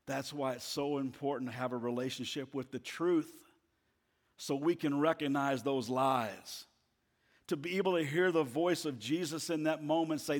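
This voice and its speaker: A male pastor preaching a sermon in an animated, conversational storytelling manner. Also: medium pitch, normal speed, big-room sound.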